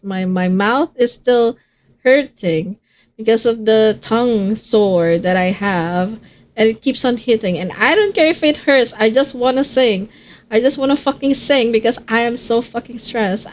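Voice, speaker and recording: High-voiced woman streamer, unhurried. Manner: chatty, swears freely. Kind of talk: casual live-stream chat.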